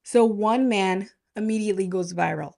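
A woman's voice: mid-range voice, normal speed, gravelly, warm tone. A woman hosting a podcast, telling a story casually rhetorical questions and a chatty, conspiratorial manner. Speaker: podcast host.

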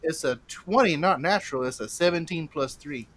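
A man's voice: fairly high pitch, normal speed, a bit bright. A man at a tabletop game speaking casually, hesitant and trailing off. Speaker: player.

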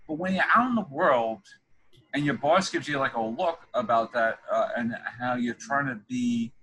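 A man hosting a casual interview. His voice is bright and forward, and he wanders through his questions with lots of "like" and "you know" and keeps restarting. A faint hiss of noise sits under the recording. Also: mid-range voice, moderate pace, low-quality recording. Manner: rambling, many fillers and restarts. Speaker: podcast host interviewing a guest.

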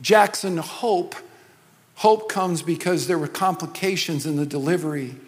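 A man's voice: a little high, a little slow. A middle-aged man preaching a sermon as pastor, talking in a loose, joking way with many asides. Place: large church hall. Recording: long hall reverb.

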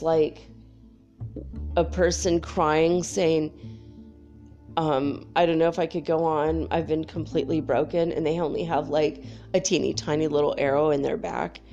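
Woman, casual confessional vlog, candid, emotional, laughs often, mellow warm tone. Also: sits low, highs cut off. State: tearful at times. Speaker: spiritual vlogger. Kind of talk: casual confessional talk to viewers.

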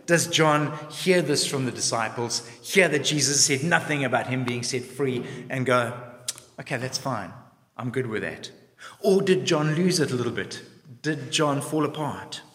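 A man's voice: mid-range voice, normal speed. A man preaching a sermon, telling the story expressively and asking reflective questions. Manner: expressive storytelling, acts out voices. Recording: long reverb in a large hall.

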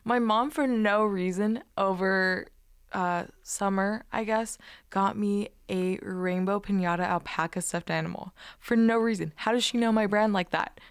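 A woman's voice: medium pitch, steady tone, unhurried, smooth, dry recording, studio quality. A young woman co-hosting a podcast, chatting casually and playfully with a friend, often giggling. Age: young adult. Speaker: podcast co-host.

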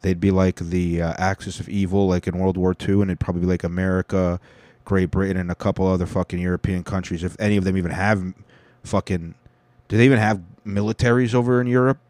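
A man's voice: deep voice, level tone, fast, a little mellow, no room sound. A man casually reading a news article aloud, interrupting it with sarcastic, profane jokes. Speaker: commentator reacting to a news article.

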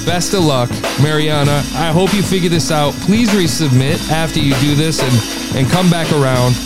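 A man's voice: a little high, normal speed, loud music behind the voice. A man hosting a podcast, giving a blunt, exasperated critique of a listener's show. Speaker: podcast host reviewing listener shows.

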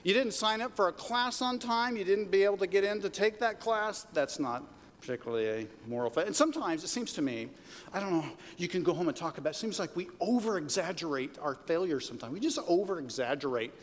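A male pastor gives a sermon in a relaxed, conversational way, often tossing out "right?" and "okay?" to the room. His voice sits a bit high for a man. A long reverb from a large hall trails behind his words. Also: fast, a little hiss or hum.

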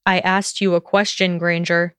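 A woman's voice: lowish voice, little pitch movement, moderate pace, smooth, no echo, natural voice. A woman reading a storybook aloud, voicing an arrogant young male wizard who talks sharply and mockingly. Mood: demanding.

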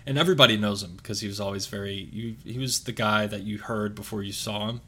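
A man's voice: on the low side, fairly even intonation, quick pace, fairly bright tone. A young man on a podcast, chatting casually and telling a rambling story full of fillers and restarts. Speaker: podcast co-host.

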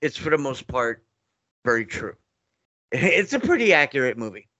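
A man's voice: mid-range voice, big pitch swings, measured pace, pushed and bright, no room sound, highs cut off. A middle-aged man, a guest telling stories in a loose, rambling way, often restarting his sentences. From New York. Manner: rambling, restarts often, acts out quoted dialogue. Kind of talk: casual interview storytelling.

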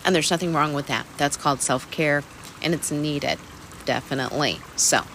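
Chill mindfulness vlogger, mid pitch, talks candid and loose with some swearing, soft rain noise. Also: moderate pace, creaky. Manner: candid, laughing, swears casually. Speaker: weekly mindfulness host. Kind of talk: casual reflective self-help talk.

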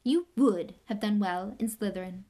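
A woman's voice: medium pitch, normal speed, warm tone, lightly acted. A woman reading aloud and voicing a sly, knowing talking magic hat that speaks smartly. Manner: smart, confiding.

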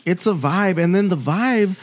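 A man's voice: high-pitched, expressive, unhurried. A man from San Diego in casual chat, rambling with many "like" fillers and restarts.

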